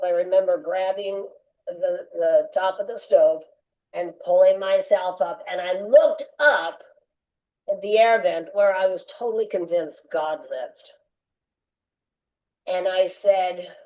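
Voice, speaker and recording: A woman's voice: medium pitch, unhurried, a little mellow, rough recording. An older woman, a guest on a podcast interview, telling a personal story with animation and acting out quoted lines.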